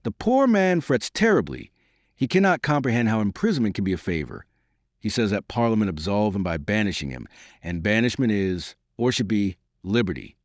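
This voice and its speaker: A man voicing a humble, gossipy royal falconer who speaks low and confiding in an audiobook. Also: very animated, normal speed, no echo, studio quality. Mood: lamenting.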